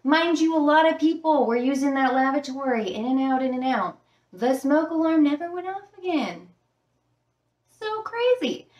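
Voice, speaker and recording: A woman's voice: high-pitched, lively intonation, moderate pace, a little mellow, distant mic, dull audio. A woman and former flight attendant telling stories at home in a chatty, casual way, full of fillers. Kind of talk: casual storytelling. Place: room at home with a fish tank. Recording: roomy sound from the mic.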